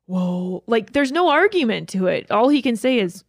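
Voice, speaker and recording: A woman's voice: a little high, brisk, creaky, dry recording, studio quality. Chatty young woman in casual advice chat. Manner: chatty, relaxed, many "like" fillers. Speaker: podcast co-host.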